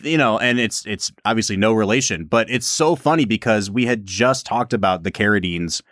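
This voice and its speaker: A man co-hosting a podcast, chatting casually about a film in a playful, animated way. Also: fairly low pitch, normal speed, dry recording, clean studio sound. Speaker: podcast co-host.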